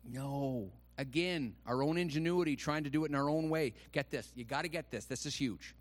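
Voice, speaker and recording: A man's voice: on the high side, moderate pace, no room sound. A man preaching a sermon in a church, emphatic and calling on the congregation to repeat after him. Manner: emphatic, calls for congregation response. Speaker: pastor.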